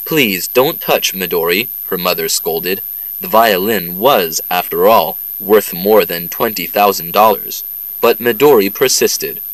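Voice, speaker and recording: Man, very low voice, slow measured reading, dry close sound. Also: no room sound, rough recording. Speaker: narrator of a listening test. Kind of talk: scripted narration.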